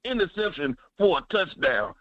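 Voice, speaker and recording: A man calling into a sports radio show, talking fast and fired up, with lots of repetition and cussing. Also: on the high side, no echo. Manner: animated, swears, preachy repetition. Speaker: caller. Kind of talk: excited sports call-in. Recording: muffled phone line.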